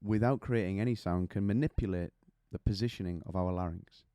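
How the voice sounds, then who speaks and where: A male vocal coach talks through technique in a relaxed, chatty way, breaking into little demonstrations and stories. His voice sits low and mellow. The sound is dry and close. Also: a little fast, dry recording. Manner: chatty, explains with demonstrations and anecdotes. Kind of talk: singing lesson to camera.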